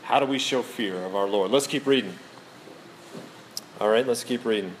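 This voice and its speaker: A man's voice: lowish voice, normal speed, a little hiss or hum. A middle-aged male pastor giving a sermon, telling stories with self-mocking humor and quoting scripture.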